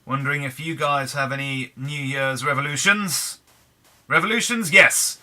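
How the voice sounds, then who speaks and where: Man, English accent, wry self-deprecating game commentary, sharp bright tone. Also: mid-range voice, steady tone, moderate pace. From England. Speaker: gaming channel host. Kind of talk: casual Minecraft commentary.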